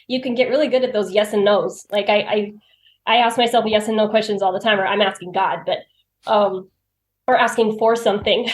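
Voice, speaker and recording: Roomy-sounding chatty woman guest. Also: a little high. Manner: chatty, laughs often, acts out her own remarks. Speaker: podcast guest. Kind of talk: personal storytelling in conversation. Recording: roomy echo.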